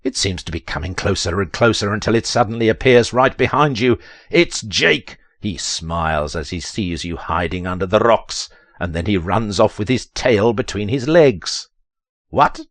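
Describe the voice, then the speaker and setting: A man's voice: expressive, normal speed, no echo, clean studio sound. A man narrating a text adventure in a theatrical, dramatic reading voice. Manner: theatrical, leaps to high strained pitch on quoted lines.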